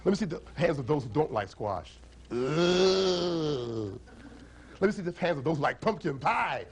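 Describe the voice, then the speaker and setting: Lively male storyteller teaching children. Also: on the high side, fast, breathy edge, rough recording. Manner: lively, draws audience into chants. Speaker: storyteller and musician. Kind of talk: teaching children with call-and-response. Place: library event.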